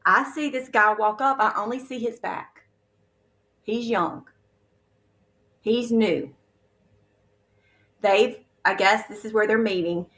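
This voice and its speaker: A woman's voice: mid-range voice, slow pace, long pauses, a bit bright. A woman, earnestly sharing a vivid spiritual testimony as a guest. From Alabama, USA.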